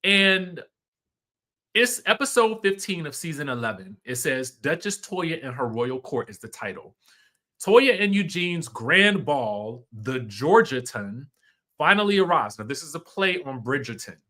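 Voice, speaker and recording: A man's voice: on the high side, unhurried. A man hosting a casual live stream, greeting viewers and giving emphatic commentary. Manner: animated, emphatic, repeats phrases for effect. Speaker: host.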